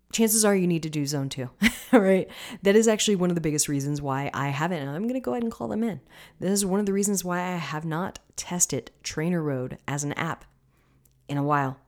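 A woman's voice: on the low side, darkish tone. A woman hosting a podcast as a coach, talking casually and passionately, swearing freely and sometimes dropping into a whisper.

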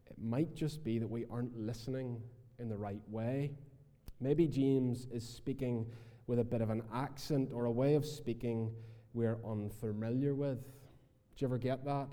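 A man with a Northern Irish accent, a minister preaching a sermon in a conversational way, often pausing with "uh". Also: mid-range voice, mellow, in a large hall. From Northern Ireland. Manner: conversational preaching with frequent "uh" fillers. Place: church.

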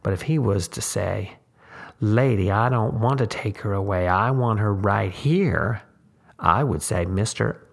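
A scheming, toothless old countrywoman with a drawl, as a male narrator puts her on. She coaxes and wheedles in a folksy way, her voice gravelly and husky beneath a lifted pitch. It is a storybook reading. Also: a little slow. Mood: coaxing. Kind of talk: audiobook character voice.

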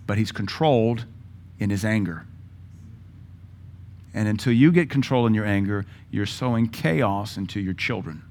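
A man's voice: on the low side, moderate pace, long pauses, darkish tone. Emphatic male preacher. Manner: emphatic, punchy lists of words. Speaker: pastor. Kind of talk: sermon.

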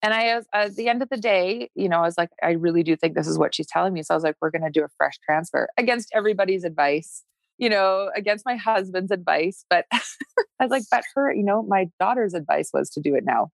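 Woman, 40s, low gravelly voice, earnest storyteller who acts out her own inner voice. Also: fast, no echo. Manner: animated, acts out her own past thoughts. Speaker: guest sharing her fertility story. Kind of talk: emotional personal storytelling.

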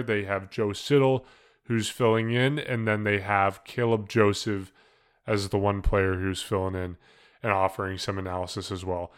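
A man with a fairly low voice hosts a casual sports talk show. He is chatty and breaks into laughter often as he goes through the news. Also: fairly bright tone, smooth. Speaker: podcast host.

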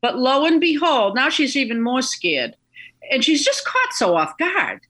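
A woman's voice: high-pitched, very animated, unhurried, a bit bright. A middle-aged woman, telling a court story as a guest in a chatty, digressive way. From Boston. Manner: chatty, digressive, laughs at the absurdity. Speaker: guest recounting a court case. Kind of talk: casual storytelling interview.

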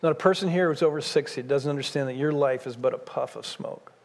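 A man's voice: medium pitch, fast. A man in his sixties, a pastor preaching a sermon, speaking emphatically and repeating his key phrases. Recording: long hall reverb.

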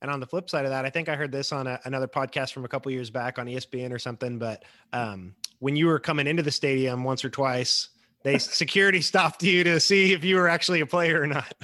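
A man's voice: medium pitch, quick pace, bright, forceful tone, no room sound. A man hosting a casual podcast interview, asking questions in a friendly way with fillers. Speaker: podcast host.

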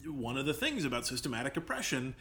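A man's voice: medium pitch, very animated, fast talker, bright, forceful tone, slight background noise. A man co-hosting a podcast, talking loosely and animatedly. His voice sits in the middle range, and he often laughs and restarts his sentences as he works through a point. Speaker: podcast co-host. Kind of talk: casual chat.

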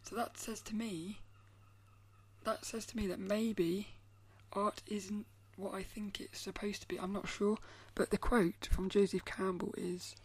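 A woman hosting a solo podcast, talking in a thoughtful, musing way and often trailing off into soft, near-whispered asides. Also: mid-range voice, little pitch movement, measured pace, breathy edge. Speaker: podcast host. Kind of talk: reflective solo podcast talk.

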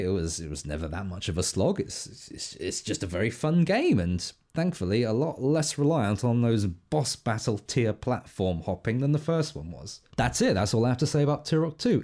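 Brief: male podcast co-host, sarcastic comic reviewer, very expressive pitch, laughs through his jokes. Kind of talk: comedic game-review monologue.

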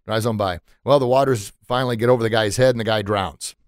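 A man hosting a motivational podcast, earnest and energetic, repeating his points for emphasis. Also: on the low side, quick pace, clean tone, no room sound, clean studio sound. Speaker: podcast host.

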